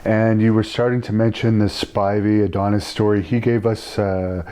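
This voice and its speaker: Man, interview host, low voice, monotone, dark timbre, calm prompting. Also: moderate pace, clear, resonant tone. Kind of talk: interview questions.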